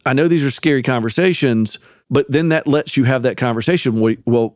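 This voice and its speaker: A man's voice: mid-range voice, fairly quick, a little mellow, no room sound, clean studio sound. A man co-hosting a marketing podcast, talking casually and explaining business advice at length. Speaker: podcast co-host. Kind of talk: casual chat.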